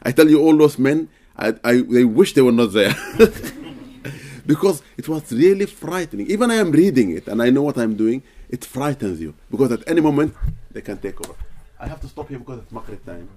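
A man's voice: mid-range voice, expressive, a little fast, dark tone. A man answering questions as an Islamic teacher in a casual talk, earnest and checking understanding with frequent "okay?".

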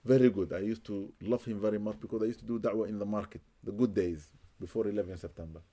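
A man's voice: fairly low pitch, steady tone, fast talker, mellow. Man telling a story with religious phrases. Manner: sprinkles Arabic religious phrases; repeats words for emphasis. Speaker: Muslim spiritual healer. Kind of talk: storytelling interview answers.

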